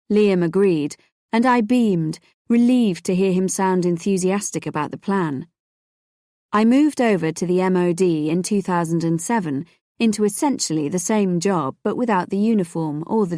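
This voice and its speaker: A woman reads a first-person true crime story at a steady, measured pace. Her voice sits low and mellow. The sound is dry and close. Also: no room sound. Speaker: audiobook narrator.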